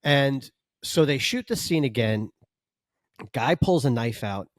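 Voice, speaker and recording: Animated, swearing male storyteller. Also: mid-range voice, slow pace, no echo, studio quality. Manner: animated storyteller acting out quotes, swears freely. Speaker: podcast co-host, stunt performer. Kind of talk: casual storytelling chat.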